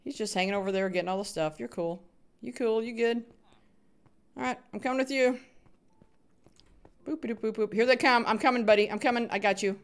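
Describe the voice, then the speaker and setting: A gaming streamer with a fairly high, clean-toned voice talks fast while commentating a live Minecraft stream. She chats with viewers, cheers on other players, and hums little sound effects as she plays.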